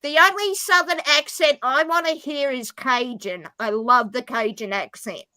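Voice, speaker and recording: Female guest, high and bright, playful teasing, dry sound. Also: a little slow, no echo. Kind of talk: casual chat.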